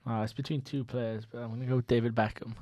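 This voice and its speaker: A young man answers quiz questions on a casual podcast in an easy-going, rueful way. His voice is mid-pitched and sounds dry and close to the mic. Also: level tone, fast, a little mellow, no echo. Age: young adult. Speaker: podcast co-host, contestant. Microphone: podcast mic on video call.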